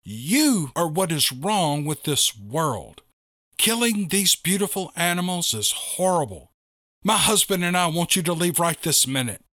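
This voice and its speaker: A man's voice: on the high side, very animated, unhurried, pushed and bright, dry recording, clean studio sound, heavily acted. A man voicing an indignant, bossy woman who scolds and makes demands. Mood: scolding.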